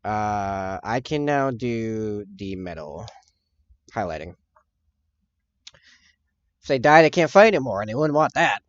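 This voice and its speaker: A man's voice: on the low side, animated, measured pace, long pauses, dry recording. A man streaming casually as he paints miniatures and chats with viewers, rambling, correcting himself and laughing often. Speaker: livestreamer. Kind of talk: casual chat while painting miniatures and answering chat. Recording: dull, dry lo-fi stream audio.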